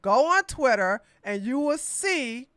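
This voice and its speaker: A woman runs her political podcast in a casual, slangy rant, blunt and mocking as she talks straight at her listeners. Her voice sits a little high and rings bright and forceful. The sound is close and dry, with no room around it. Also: very animated, slow pace, no echo. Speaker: podcast host.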